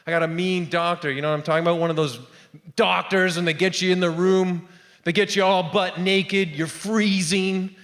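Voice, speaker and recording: High-voiced man doing stand-up in a theatre. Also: steady tone, moderate pace, fairly bright tone. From Canada. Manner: rambling, with trailing asides to the crowd. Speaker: stand-up comedian. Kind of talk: stand-up comedy set. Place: theatre stage. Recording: long hall reverb of a theatre.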